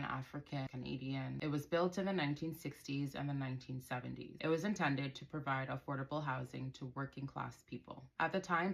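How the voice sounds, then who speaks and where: A woman with a very low, gravelly voice narrates an explainer. She speaks in a measured, informative way over faint background noise. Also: rough recording.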